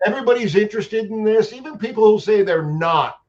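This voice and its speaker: A man's voice: high voice, a little fast, a little hiss or hum. A man, a guest actor and paranormal investigator, telling long-winded stories in a casual chat, with lots of restarts. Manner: animated, long-winded anecdotes with many restarts. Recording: dull lo-fi sound.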